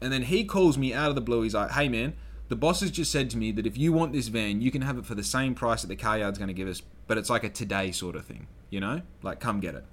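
A young Australian man hosting a solo podcast, telling a long story in a loose, swearing, animated way and acting out the people he quotes. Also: medium pitch, quick pace. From Western Australia. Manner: swears freely, acts out quoted people, gets loud when excited. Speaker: podcast host.

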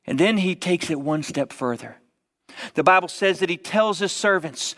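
High-voiced male preacher, animated sermon. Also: measured pace. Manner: animated storytelling, dropping to hushed whispers. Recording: long reverb of a large hall.

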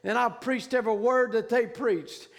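A man's voice: extremely high pitch, normal speed, creaky, long reverb tail. A man preaching a sermon with fervent emphasis and plain vernacular grammar as he recounts a vision.

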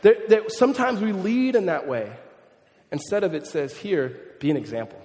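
A pastor around thirty preaching a sermon in a conversational, animated way, mixing in humorous family stories. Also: male voice, high voice, moderate pace, big-room sound.

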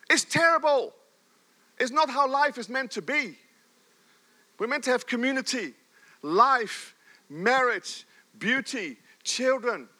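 Male pastor, middle-aged, high voice, animated sermon, loud then soft. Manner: animated, swings from loud emphasis to soft low asides.

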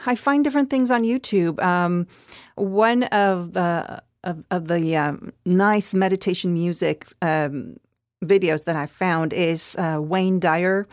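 A woman with a fairly low voice, raised in Mexico City, speaks as a podcast guest in a relaxed, meandering manner. The recording is dry and close. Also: slow, no echo. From grew up in Mexico City. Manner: relaxed, rambling with like and um fillers. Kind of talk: casual interview chat.

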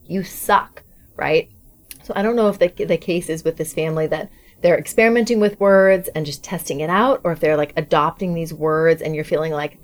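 A woman co-hosting a parenting talk, explaining ideas at length and often checking in with "right?". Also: fairly low pitch. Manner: explanatory, frequent "right?" tags. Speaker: parenting podcast co-host. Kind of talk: casual chat.

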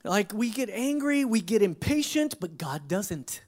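A man preaching a sermon in a conversational way, full of rhetorical questions, with emphatic bursts that drop into hushed low asides. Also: very animated, measured pace. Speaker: pastor.

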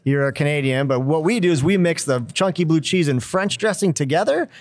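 A man's voice: on the high side, brisk, dry recording. A man from Minnesota co-hosting a podcast, reading sponsor spots in an upbeat, casual way with many fillers. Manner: upbeat, filler-heavy delivery. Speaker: podcast co-host. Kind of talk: casual chat and sponsor reads.

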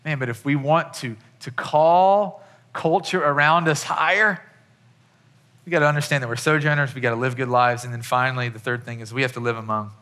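A man's voice: mid-range voice, brisk, bright, forceful tone. A man in his thirties, a pastor, giving a conversational sermon with many restarts.

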